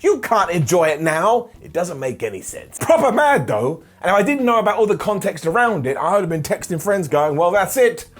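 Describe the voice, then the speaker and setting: A man hosting a wrestling ranking video, losing his voice and talking in an animated, theatrical way. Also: high voice. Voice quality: husky. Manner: animated and theatrical, dramatic pauses. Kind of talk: opinionated ranking commentary.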